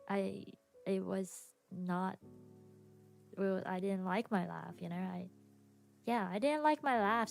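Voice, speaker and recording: A woman hosting her own podcast on a live stream, chatting casually with viewers, laughing often and leaving long pauses and restarts. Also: medium pitch, creaky.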